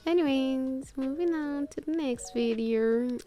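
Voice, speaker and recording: Woman doing reaction commentary, kinda high voice, rambling and fed up, faint music behind. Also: steady tone, unhurried, warm tone. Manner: chatty, exasperated, stammers and repeats. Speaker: reaction video host.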